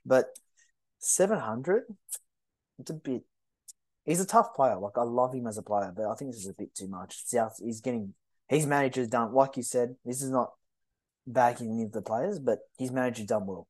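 Aussie bloke rambling about footy on a podcast, dry close sound, mid voice. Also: male voice, medium pitch, normal speed, no echo. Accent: Australian. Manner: animated, rambling, mocks rival fans in a put-on voice. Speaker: podcast host. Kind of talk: casual sports podcast chat.

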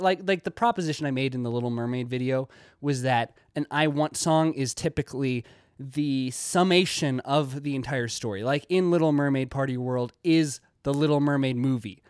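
A young man talks through a casual video essay in a mid-pitched voice. He rambles and restarts often, and it is recorded close in a dry space. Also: moderate pace, clean tone, no echo. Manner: rambling, many fillers and restarts.

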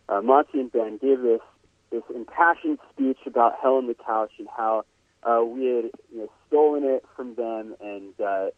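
A young man tells a rambling story, laughing between his words and full of fillers. He comes through a tinny phone line. The sound is dry, with no room echo. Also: mid-range voice. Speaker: guest musician. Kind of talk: casual storytelling.

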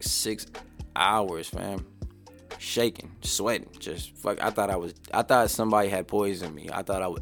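A man's voice: low voice, creaky. A young adult man hosting his own podcast, telling a story in a casual, profane, slang-heavy ramble. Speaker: podcast host. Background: faint background beat.

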